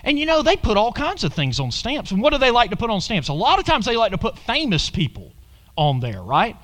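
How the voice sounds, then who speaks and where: Man, preacher, sermon, high voice, very lively pitch, questions the congregation. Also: brisk. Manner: animated preaching, asks the congregation questions and calls "Amen?".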